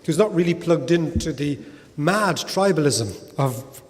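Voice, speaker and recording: A middle-aged man with a Dublin Irish accent, speaking to an audience in a lively, conversational way, peppering points with "right?". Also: on the high side, unhurried. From Ireland. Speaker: guest speaker. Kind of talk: talk with audience Q&A. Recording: hall reverb.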